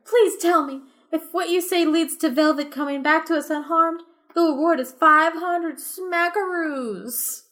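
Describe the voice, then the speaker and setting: A woman's voice: very high-pitched, unhurried, fairly bright tone, voice pushed up. A woman voicing a worried pet owner who turns suspicious and threatening on the phone, in a podcast story reading. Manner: pleading, then suspicious and threatening.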